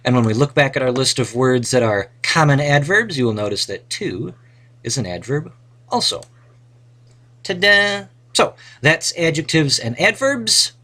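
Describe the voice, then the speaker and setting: Husky, animated male teacher. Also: mid-range voice, moderate pace. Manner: playful, reads example sentences with dramatic flair. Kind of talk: recorded grammar lesson narration.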